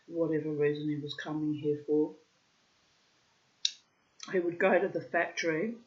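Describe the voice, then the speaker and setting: A woman's voice: sits low, darkish tone. A woman telling personal stories in a frank, rambling monologue and swearing freely. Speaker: vlogger. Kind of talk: candid storytelling monologue. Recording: slightly dull lo-fi sound.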